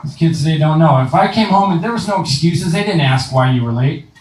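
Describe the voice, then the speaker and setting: Crude stand-up comic in an echoey club. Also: male voice, fairly high pitch, lively intonation, a little fast, a little mellow. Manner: crude, swearing punchlines with voiced asides. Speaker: stand-up comedian. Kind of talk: stand-up set. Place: comedy club stage. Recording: echoey club, mic at a distance.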